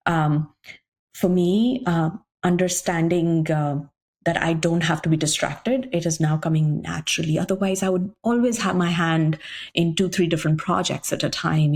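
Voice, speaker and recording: A pregnant woman from India, a guest on a podcast, telling stories in a lively way and acting out her own past remarks. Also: fairly low pitch, normal speed. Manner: animated storyteller, often acting out remarks she once made. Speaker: guest entrepreneur. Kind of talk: casual podcast chat.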